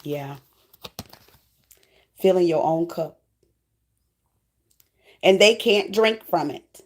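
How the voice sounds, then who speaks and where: A woman's voice: on the low side, drawn-out words. Emotional woman tarot reader. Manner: emotional, preachy, affectionate, near tears. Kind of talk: spiritual tarot reading.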